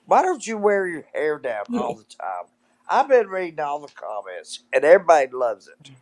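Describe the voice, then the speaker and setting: A woman's voice: low-pitched, big pitch swings, moderate pace, a little mellow. An older woman, the host's mother, chatting on a live stream in a teasing, folksy, rambling way. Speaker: guest, mother of the host. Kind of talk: casual live-stream chat.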